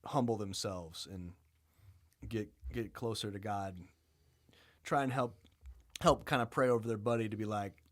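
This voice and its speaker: A man co-hosting a podcast, retelling a story in a casual, animated way with acted-out voices and plenty of swearing. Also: lowish voice, measured pace. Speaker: podcast co-host.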